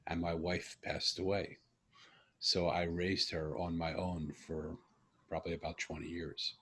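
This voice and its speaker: A middle-aged man telling a personal story in conversation, earnest and reflective, pausing and restarting as he goes. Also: low voice, level tone, bright, forceful tone, husky. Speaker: host.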